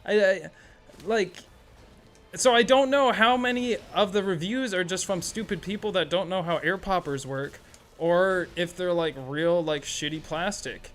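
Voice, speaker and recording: A young man chatting casually on a live gaming stream, excitable and rambling, swearing freely. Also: high voice, normal speed, a little hiss or hum.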